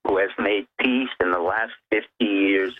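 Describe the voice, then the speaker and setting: Calling in by telephone, a man with a lowish voice talks at normal speed, and the line sounds tinny. His political commentary is emphatic and lecturing, with points set out one after another.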